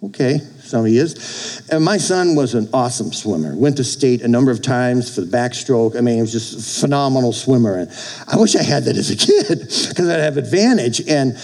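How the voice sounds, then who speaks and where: A man's voice: medium pitch, lively intonation, moderate pace, darkish tone, low-quality recording. A middle-aged male pastor preaching a sermon, exhorting the congregation with frequent calls for amen. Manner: exhorting, with call-outs for amen.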